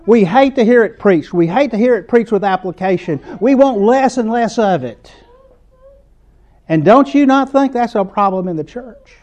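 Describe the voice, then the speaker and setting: A man's voice: high-pitched, expressive, normal speed, darkish tone, dull audio. A man with a Southern US accent preaching a sermon in an earnest, conversational way, building to emphatic points.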